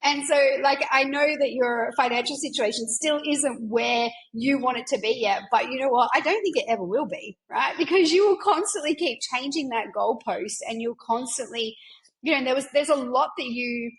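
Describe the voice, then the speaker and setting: A woman's voice: high-pitched, normal speed, rough recording. Emphatic, encouraging woman mentor. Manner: emphatic and encouraging, with frequent fillers and occasional swearing. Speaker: business mentor and podcast host. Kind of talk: casual conversational coaching chat.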